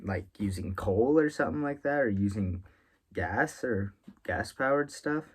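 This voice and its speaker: A manga reviewer reads a chapter aloud in a lowish, expressive voice with a breathy edge and a measured pace. He rambles and reacts as he goes, musing aloud with lots of filler and correcting himself.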